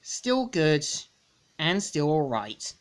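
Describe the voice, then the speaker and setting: A woman's voice: low-pitched, big pitch swings, drawn-out words. A woman reviewing a comic book in a casual, rambling plot recap, repeating stock phrases.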